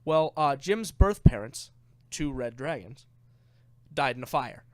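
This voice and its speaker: A man's voice: medium pitch, unhurried. A young man casually telling a rambling tabletop game story on a podcast, getting worked up and swearing as it goes. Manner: rambling, animated, swears when excited.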